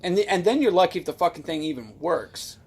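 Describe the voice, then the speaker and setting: A man's voice: high voice, lively intonation, fast, a little mellow, husky. A man in casual gaming chat, blunt and profane, grumbling about what game gear costs. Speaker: co-host.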